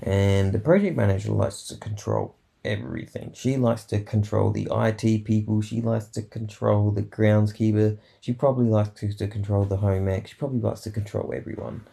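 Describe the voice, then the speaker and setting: A man's voice: lowish voice, moderate pace, creaky, hardly any pauses, dark tone, slightly rough. A man casually telling rambling stories about his workday in a vlog, swearing now and then. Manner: rambling, swears, acts out coworkers' quotes. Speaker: vlogger recounting his workday.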